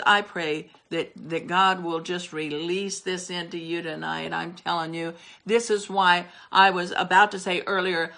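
A woman's voice: medium pitch, pushed and bright. Emphatic older woman preaching. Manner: emphatic, repeats words for stress. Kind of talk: sermon.

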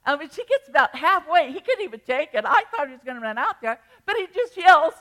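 A woman's voice: sits high, very animated, a little fast, few pauses, a bit bright. An older woman pastor preaching a sermon, telling a rambling story with restarts and bursts of feeling.

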